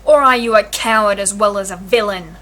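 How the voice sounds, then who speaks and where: A woman's voice: mid-range voice, fairly quick, fairly bright tone, close to an everyday voice. A woman voicing a hot-headed but cowardly knight who snarls and blusters. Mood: snarling.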